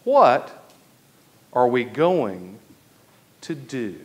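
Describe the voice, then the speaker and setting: An Episcopal priest delivers a sermon in church, his medium-pitched, darkish voice very animated. He speaks slowly and deliberately, drawing out key phrases for emphasis.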